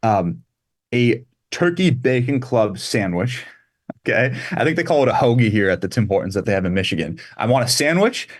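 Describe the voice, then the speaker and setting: A man's voice: medium pitch, big pitch swings, moderate pace. Chatty Canadian man, easygoing guest. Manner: chatty, laughs easily, rambling lists. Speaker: guest musician. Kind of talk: casual interview chat.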